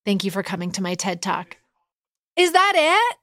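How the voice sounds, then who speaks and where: A woman's voice: medium pitch, sing-song, moderate pace, fairly bright tone, no echo. A woman in her thirties hosting a podcast, chatting casually with playful, self-mocking humor. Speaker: podcast host. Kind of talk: casual chat.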